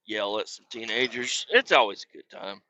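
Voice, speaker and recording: A man in his thirties with a fairly low voice hosts a podcast, speaking at normal speed in a muffled recording. He tells rambling, animated stories in casual chat, swearing plenty along the way.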